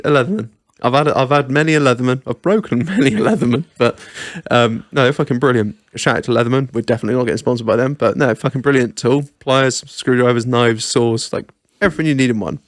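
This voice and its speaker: A man's voice: medium pitch, fast talker, few pauses, no echo, studio quality. A man co-hosting a casual podcast, swearing freely, laughing often and rambling through stories. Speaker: podcast co-host.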